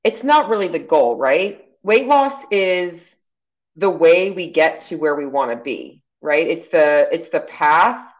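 A low-pitched woman talks in relaxed, encouraging chat, full of fillers and asides as she coaches her co-host. The sound is a little dull and lo-fi. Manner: chatty, encouraging, many fillers. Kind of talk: casual chat.

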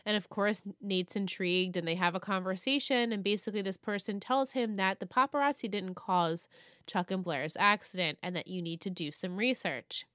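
Woman podcast co-host, clear smooth voice, close dry mic, chatty recap storyteller. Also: mid-range voice, normal speed, fairly bright tone, no room sound. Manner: chatty storyteller, acts out characters' lines. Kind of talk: casual TV episode recap.

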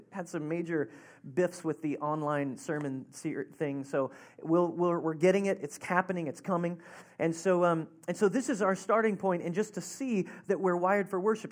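Pastor, sermon, easygoing storyteller with a chatty, rambling delivery. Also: mid-range voice. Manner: conversational, rambling storytelling with laughs.

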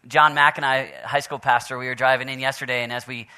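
A man's voice: medium pitch, level tone, fast, pushed and bright, clean tone. A man from Oklahoma preaching a sermon at a men's conference, moving from joking stories to earnest prayer and scripture reading. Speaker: pastor.

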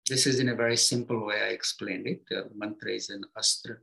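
A man giving a spiritual talk to his students as their teacher, speaking gently in short, unhurried phrases with pauses and simple everyday comparisons. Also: on the low side, fairly even intonation, creaky, rough recording.

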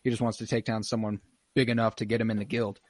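A man's voice: on the low side, flat delivery, quick pace, no room sound, studio quality. Laid-back swearing man recapping a show. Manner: loose, profane storytelling with laughs. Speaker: podcast host recapping an episode. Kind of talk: casual chat.

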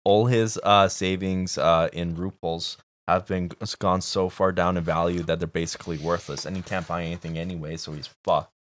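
A man's voice: deep voice, steady tone, normal speed, few pauses, no room sound. A young man from Canada, co-hosting a podcast in casual chat, ranting profanely and with energy. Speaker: podcast co-host.

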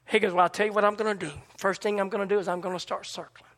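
A man preaching an impassioned sermon, swinging from shouts to hushed tones. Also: steady tone, racing, hardly any pauses. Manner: impassioned, rising to shouts and dropping low. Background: church organ chords.

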